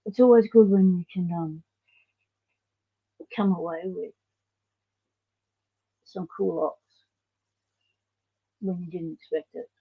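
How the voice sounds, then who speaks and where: A woman's voice: lowish voice, slow, pauses often, breathy edge, no echo. An Australian woman hosting a casual livestream, chatting in a rambling way and answering viewer comments. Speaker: livestream host. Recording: dull lo-fi stream audio.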